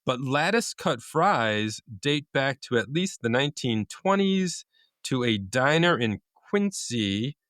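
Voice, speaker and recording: A man co-hosting a relaxed podcast who talks in a mild way and likes to share history facts. His voice sits mid-range but moves up and down a lot, recorded close and dry. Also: medium pitch, unhurried, dry recording. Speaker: podcast co-host. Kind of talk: casual chat.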